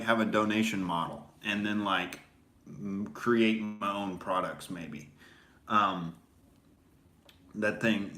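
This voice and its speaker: A slow-talking man with a slightly low voice rambles through a sarcastic comedy monologue, dropping plenty of filler words along the way. His voice rings around a small, echoey room. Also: bright, forceful tone. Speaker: comedian and podcast host. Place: small home recording setup.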